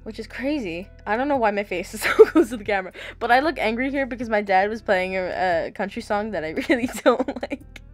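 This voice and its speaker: A woman's voice: medium pitch, animated, brisk, few pauses, soft background music. A young woman in her late teens narrating her vlog in a chatty, gushing way. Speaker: vlogger.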